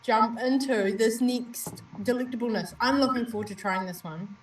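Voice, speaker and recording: A woman's voice: a little high, moderate pace. New woman, playful teasing co-host, a bit far from the mic. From New Zealand. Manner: playful, teasing, bursts into loud laughter. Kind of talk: live-stream casual chat. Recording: voice a little off mic.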